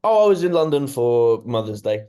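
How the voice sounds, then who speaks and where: A young man co-hosting a podcast, relaxed and casual, often answering briefly and saying bro. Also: mid-range voice, normal speed, clear, resonant tone. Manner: relaxed, short agreeing replies, says bro. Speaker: podcast co-host. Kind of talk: casual chat.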